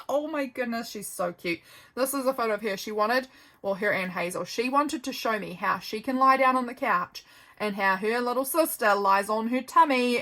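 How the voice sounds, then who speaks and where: A woman, chatting in a rambling, gentle and affectionate way with many ums while she flips through her journal. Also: medium pitch. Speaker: journaling vlogger.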